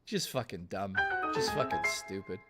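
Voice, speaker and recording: A man's voice: low voice, lively intonation, moderate pace, music in the background. Profane, ranting male streamer. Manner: profane, blustery ranting to chat. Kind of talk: casual live-stream chat.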